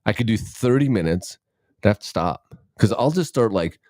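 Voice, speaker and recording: A man's voice: fairly low pitch, expressive, moderate pace, a little mellow, dry recording, studio quality. A middle-aged man co-hosting a podcast, chatting casually and rambling, cutting himself off and swearing freely. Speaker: podcast co-host. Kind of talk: casual chat.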